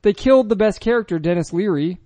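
A man's voice: sits high, lively intonation, fast, warm tone, no echo. A man co-hosting a casual comedy podcast, sarcastic and laughing often. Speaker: podcast co-host.

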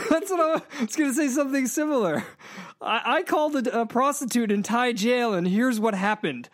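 A man's voice: extremely high pitch, normal speed. A man hosting a casual podcast, joking and laughing as he talks and reviews films. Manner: animated, joking, laughs while talking. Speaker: podcast host and movie reviewer. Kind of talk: casual chat.

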